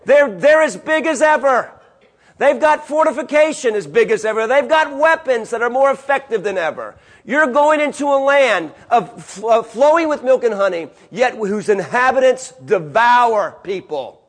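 High-voiced man preaching with emphasis. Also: expressive, normal speed. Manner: emphatic, repeating phrases and swinging from hushed to raised. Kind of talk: sermon.

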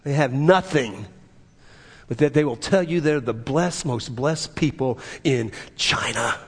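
A man's voice: medium pitch, a little slow, husky. A man preaching a sermon as pastor, leading the congregation through repeated spoken confessions. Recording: long hall reverb.

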